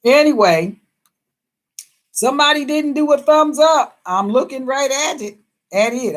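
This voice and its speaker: A woman's voice: high-pitched, lively intonation, normal speed. A woman hosting a casual live stream who reads viewer comments aloud, talking in a chatty, emphatic way and laughing often. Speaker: livestream host reading viewer comments.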